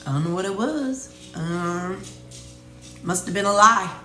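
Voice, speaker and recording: A woman's voice: medium pitch, lively intonation, unhurried, sharp tone, reverberant, soft background music. A woman with a Missouri accent, chatting casually and rambling folksy as she vlogs from her home kitchen. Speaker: vlogger. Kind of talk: casual chat.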